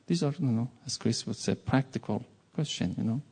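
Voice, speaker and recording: Male preacher, earnest sermon delivery; dark, mellow tone with a husky grain. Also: mid-range voice, brisk. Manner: earnest, repeats words for stress. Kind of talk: sermon with a personal story.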